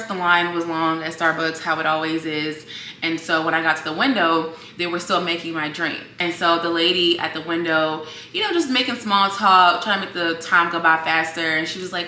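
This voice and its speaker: A young adult woman from Virginia vlogs a personal story to camera, chatty and emotional, calling her viewers girl and y'all. Her fairly low voice is bright and forceful, heard in a reverberant space with slight background noise.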